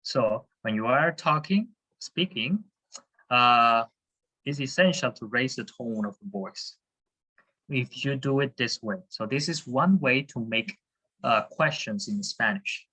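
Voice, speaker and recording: A teacher giving a Spanish lesson to students, patient and encouraging, explaining slowly with frequent fillers. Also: male voice, mid-range voice, lively intonation, bright, forceful tone, low-quality recording. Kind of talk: online class teaching.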